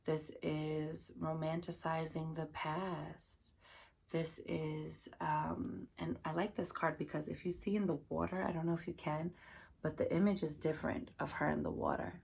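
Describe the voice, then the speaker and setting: Very creaky low-voiced woman reading tarot. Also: little pitch movement, unhurried, darkish tone. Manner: chatty, loose, filled with "like" and "you know", addresses listeners fondly. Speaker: tarot card reader. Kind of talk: casual tarot reading to viewers.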